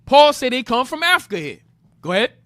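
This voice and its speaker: This is a man teaching a Bible class with a high, animated voice that jumps all over its range. He explains each passage, repeats his main points with emphasis, and keeps cueing his reader. The recording is dry and close, with no room sound. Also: brisk, no room sound. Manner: emphatic, repeats key phrases. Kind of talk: interactive Bible lesson.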